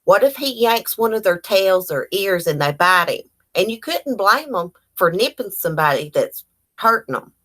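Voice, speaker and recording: A woman, chatting casually on a livestream and telling animated stories full of quoted dialogue. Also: medium pitch, moderate pace. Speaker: livestream host.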